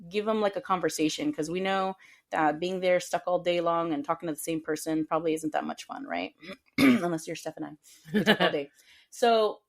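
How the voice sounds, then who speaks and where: A woman co-hosting a podcast, telling a work story in casual chat, animated and acting out quoted voices with frequent laughter. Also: on the low side, fairly quick, vocal fry. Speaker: podcast co-host.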